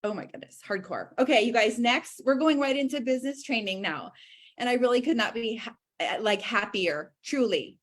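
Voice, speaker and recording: A woman in her thirties hosting a livestream, gushing and excitable as she talks to her viewers. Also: fairly high pitch, moderate pace. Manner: gushing, excitable, addresses viewers as you guys. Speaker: host.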